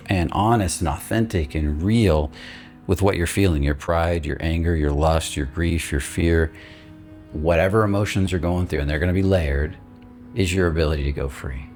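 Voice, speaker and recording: A male coach giving a guided instructional talk, calm and steady, stressing key words by repeating them. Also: deep voice, moderate pace, soft background music. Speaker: emotional release coach.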